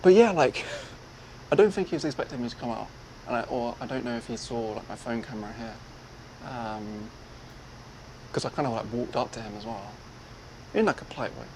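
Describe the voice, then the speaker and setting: A man's voice: medium pitch, moderate pace, pauses often, a little mellow, a little hiss or hum, poor audio. A man telling a personal story in a casual way. He acts out other people's lines as he goes. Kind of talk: casual retelling.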